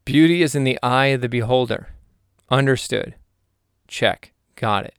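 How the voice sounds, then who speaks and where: Male podcast host, animated and self-mocking, with a smooth voice of middling pitch. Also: moderate pace, no room sound, clean studio sound. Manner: animated, jokey, rambling, talks to himself. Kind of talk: casual solo monologue.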